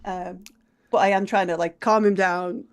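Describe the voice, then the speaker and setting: A woman's voice: fairly low pitch, steady tone, moderate pace, clear, resonant tone. A woman playing a tabletop role-playing game, chatting casually and swearing loosely. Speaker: player.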